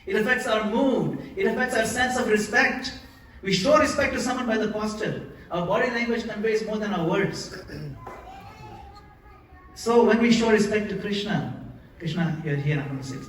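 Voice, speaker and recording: A man's voice: sits high, normal speed, fairly bright tone, distant mic, a little hiss or hum. A man giving a sermon in a temple hall, asking the audience questions and demonstrating how to chant. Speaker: temple lecturer. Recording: echoey hall, recorded from afar.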